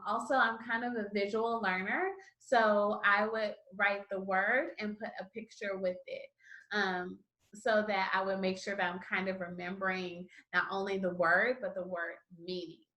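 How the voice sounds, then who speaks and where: A woman teaching a Spanish lesson, calmly modeling syllables for learners to repeat. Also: mid-range voice, echoey room. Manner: slow, encouraging, models syllables for repetition. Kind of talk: online language lesson.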